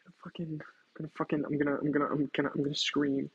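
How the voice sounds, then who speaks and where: Husky high-voiced man streaming while cooking. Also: flat delivery, rapid-fire, muffled recording. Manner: chatty, swearing, self-mocking, talks to chat. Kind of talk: casual cooking livestream chat.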